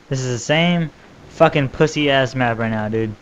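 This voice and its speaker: A young man giving gameplay commentary, swearing and raging with outbursts that jump loud and high. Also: normal speed, a little hiss or hum. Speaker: gaming channel host.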